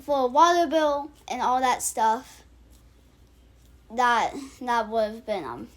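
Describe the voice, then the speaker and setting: A woman's voice: a little high, lively intonation, slow pace. A woman hosting her own channel, casually ranking cartoon episodes in a rambling way with many restarts and filler words. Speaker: channel host.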